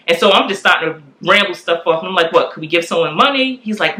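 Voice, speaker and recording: A woman in her forties telling a candid family story in a lively way, acting out the voices of the people in it. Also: fairly low pitch, quick pace, few pauses. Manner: animated, acts out quoted voices. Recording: echoey room.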